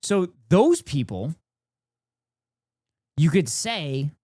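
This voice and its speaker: A streamer tearing into a debate video with exasperated, foul-mouthed disbelief. The voice swings widely in pitch between outbursts and grumbles. It sits in a dry, close-miked space. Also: big pitch swings, drawn-out words, dark tone, dry recording. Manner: exasperated, profane, incredulous outbursts. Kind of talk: live stream reaction commentary.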